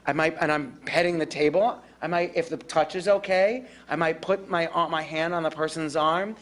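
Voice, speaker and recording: A woman giving a live workshop on dementia care, animated and acting out calm, reassuring caregiver lines. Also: deep voice, moderate pace.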